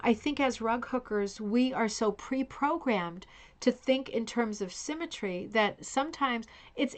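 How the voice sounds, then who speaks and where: A woman hosting a casual live online show, talking effusively and addressing viewers by name. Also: a little high. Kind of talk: casual livestream commentary.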